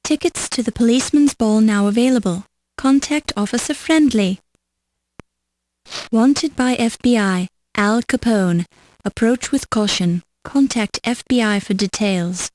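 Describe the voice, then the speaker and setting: A woman's voice: on the high side, a little slow, darkish tone, a little hiss or hum, close to an everyday voice, rough recording. A woman narrating an adventure game with dry, wry scripted remarks.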